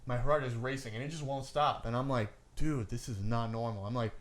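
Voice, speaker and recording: A man's voice: medium pitch, steady tone, fairly quick. Rambling man telling a story. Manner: rambling, full of "like" and "I'm like"; swears casually, says "bro". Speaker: podcast co-host. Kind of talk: casual storytelling chat.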